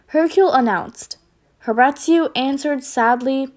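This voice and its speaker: A woman reading a children's storybook aloud in an expressive, lively way. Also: sits high, a little slow.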